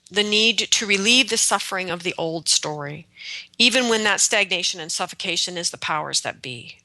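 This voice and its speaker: A woman hosting a radio show on shamanic practice, speaking slowly and earnestly in a reflective spiritual talk. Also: on the low side, bright, forceful tone, dry recording. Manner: slow, deliberate and earnest.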